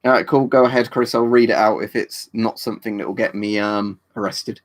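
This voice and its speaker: A UK man hosts a livestream and answers viewers' questions from the chat, rambling casually with plenty of fillers and tag questions. His voice is lowish and steady, and he talks a little fast.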